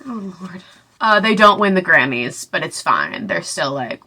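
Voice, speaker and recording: A young woman sarcastically recaps a book in a casual chat, tossing in asides and quick voices for each character. Her voice is bright and a little lower than most women's. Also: expressive. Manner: sarcastic, chatty, full of "like" and asides. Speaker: book reviewer.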